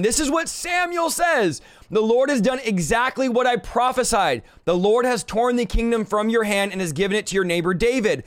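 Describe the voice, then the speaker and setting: A man's voice: high voice, lively intonation, moderate pace. A man hosting a podcast, giving a fervent preaching-style Bible teaching and exhorting the listener directly. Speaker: podcast host.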